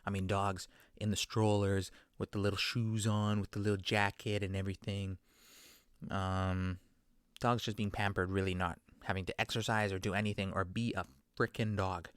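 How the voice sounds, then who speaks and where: A man's voice: on the low side, level tone, moderate pace, clear, resonant tone, dry recording, studio quality. A man from South Africa telling a casual, conversational story and addressing the listener with a mild curse or two. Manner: conversational, mildly profane, talks to the listener. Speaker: podcast guest storyteller. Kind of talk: casual monologue.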